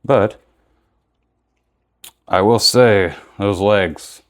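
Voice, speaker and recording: A young man with a notably low-pitched voice talks through an action figure unboxing in a loose, casual way. He rambles, backtracks and corrects himself as he goes. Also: very slow.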